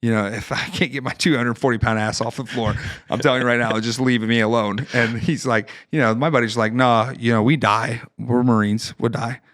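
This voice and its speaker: A man from Ohio in his thirties swears his way through a lively story as a podcast guest. He acts out other people's lines with plenty of energy, and his voice sits at a middle pitch. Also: a little fast, few pauses. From Ohio, United States. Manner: profane, animated storytelling with acted-out quotes. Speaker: podcast guest, fighter and Marine veteran. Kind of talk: casual storytelling chat.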